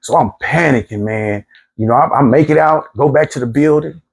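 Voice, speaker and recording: A man's voice: mid-range voice, normal speed, creaky, breathy edge. A middle-aged man candidly recounting his own past in a plainspoken, street-casual way, often repeating himself. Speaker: former prisoner telling his story. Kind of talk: candid storytelling monologue.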